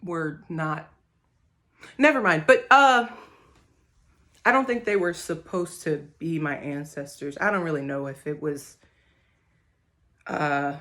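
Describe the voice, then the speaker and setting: This woman, a singer-songwriter, chats to the camera in a soft, rambling way full of hesitant fillers. Her voice sits low, and she speaks slowly, pausing often.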